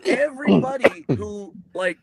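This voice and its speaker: A man's voice: sits high, sing-song, measured pace, vocal fry, a crowd in the background. A man, a veteran guest, telling profane, joking stories in a casual chat.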